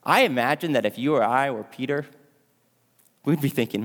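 A man's voice: mid-range voice, normal speed, pauses often, a bit bright. A male pastor telling a story in a sermon, asking his audience questions along the way. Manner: dramatic, asks the audience questions. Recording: long hall reverb.

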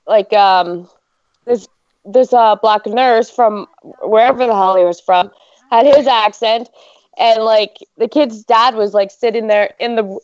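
A woman's voice: on the high side, darkish tone, no room sound. Giggly woman saying "like" constantly. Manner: giggly, says "like" a lot. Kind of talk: casual storytelling. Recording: dull lo-fi sound.

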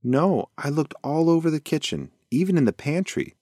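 A man's voice: on the high side, sing-song, normal speed, mellow, no echo, clean studio sound, pitched above the performer's own voice. A man voicing a curious, clever young female mouse in a bedtime story, in a lifted, eager voice.

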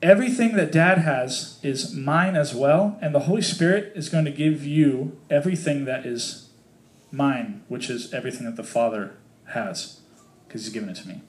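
A man's voice: medium pitch, moderate pace. A man leading a casual Bible study for a small group, reading scripture aloud and explaining it in a chatty, joking way with many fillers.

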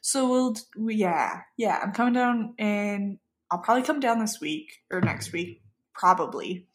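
A woman's voice: mid-range voice, lively intonation, normal speed. A woman co-hosting a podcast in casual chat, playful and gushing, often giggling. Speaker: podcast co-host.

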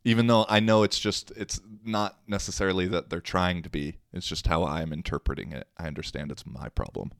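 A man's voice: sits low, steady tone, a little fast, creaky, hardly any pauses, no room sound, studio quality. A young man hosting a solo podcast, chatting casually in a slangy, rambling, self-mocking way. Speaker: podcast host.

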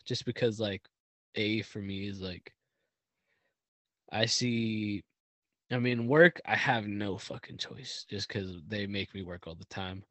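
A man's voice: on the low side, takes it slowly, long pauses, a bit bright, dry recording. A man co-hosting a casual podcast, talking in a slangy, rambling way with lots of swearing and fillers. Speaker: podcast co-host.

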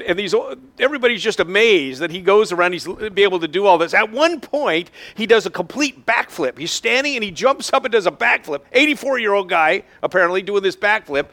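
High-voiced pastor telling a story. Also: male voice, fairly bright tone. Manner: conversational storytelling with frequent fillers. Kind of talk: sermon.

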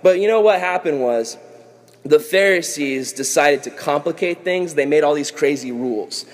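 A youth pastor gives kids a casual Bible lesson, animated and jokey. His voice sits fairly high for a man. A long hall reverb trails each phrase. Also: normal speed. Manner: animated, jokey, acts out characters.

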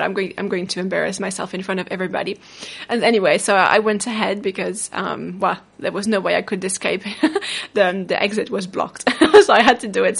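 A woman hosting a podcast as a self-love coach, telling a personal story in a reflective way that slows down on emotional words. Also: medium pitch, vocal fry, fairly bright tone. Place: indoor studio.

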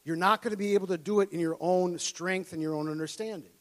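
A man from Minnesota delivers a sermon through a personal story, with a fairly high voice. He acts out his younger self in excited tones and laughs often as he talks. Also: quick pace. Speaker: preacher.

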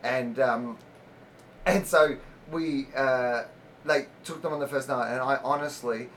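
A man's voice: medium pitch, steady tone, unhurried, a bit bright, slight background noise. A young Australian man with an Australian accent, chatting casually and telling rambling stories, often laughing as he talks. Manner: rambling storyteller, laughs mid-sentence, jumps into silly voices. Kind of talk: casual chat.

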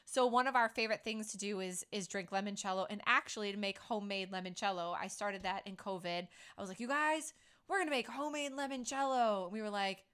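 A woman's voice: medium pitch, steady tone, fast, hardly any pauses, bright, forceful tone, clear, resonant tone. A middle-aged woman hosting a casual chat, talking playfully and acting out quotes as she tells stories. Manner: chatty, playful, acts out quotes. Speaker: podcast host.

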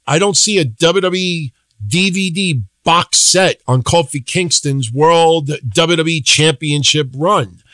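Male podcast co-host with a higher voice and a dry, close sound; blunt, opinionated, swears, acts out quotes. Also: a bit bright, no echo. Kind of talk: casual wrestling recap chat.

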